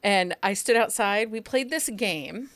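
A woman's voice: mid-range voice, expressive, a little slow, fairly bright tone, no room sound. A chatty woman hosts a casual podcast conversation, talking freely and laughing often. Her voice sits in a middle register and is recorded close and dry, with no room sound. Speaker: podcast host. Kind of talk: casual chat.

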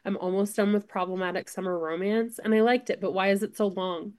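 A woman's voice: mid-range voice, fairly even intonation, brisk, darkish tone. A woman talking casually as a podcast co-host, opinionated and loose. She leans on filler words and tends to drift into mild rants. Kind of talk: casual chat.

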